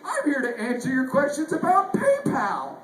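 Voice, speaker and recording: A man's voice: very high voice, huge pitch swings, moderate pace, pitched above the performer's own voice, exaggerated voice. Man doing a chirpy female chatbot voice. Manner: sugary, scripted politeness. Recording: echoey room, faint noise.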